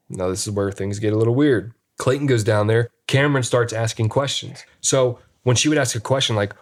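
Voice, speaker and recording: A man, a paranormal investigator, casually retelling an investigation with animated re-enacted dialogue. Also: medium pitch, brisk, few pauses. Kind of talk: casual storytelling.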